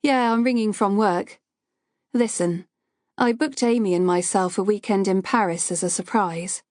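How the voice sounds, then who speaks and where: An easygoing man asking a favour, chatty and friendly, as a female narrator voices him. The voice stays close to her own, only a little lower, in a dry booth sound. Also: normal speed, a little mellow, dry recording, lightly acted. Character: man, sister's husband, casual and friendly.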